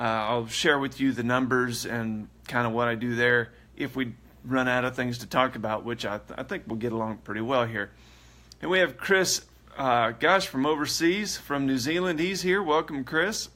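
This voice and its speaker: A man's voice: medium pitch, pushed and bright. A man hosting a casual livestream, chatting in a rambling way and laughing often. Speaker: livestream host.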